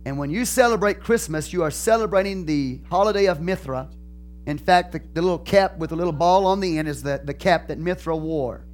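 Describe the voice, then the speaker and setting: A man with a Texan accent, a pastor preaching a sermon, moving from calm teaching to loud, fervent preaching. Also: on the high side, brisk, slight background noise.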